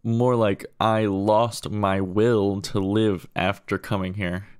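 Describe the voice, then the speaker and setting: A young man delivering a deadpan list of comedy puns, drawn out slowly with quick mumbled asides. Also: lowish voice, smooth. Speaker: comedy video creator.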